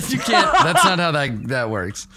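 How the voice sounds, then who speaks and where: A man narrating as game master of a tabletop game, chatty and quick to laugh. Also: on the high side, huge pitch swings, heavy background noise. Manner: laughing, loose and chatty, with many fillers.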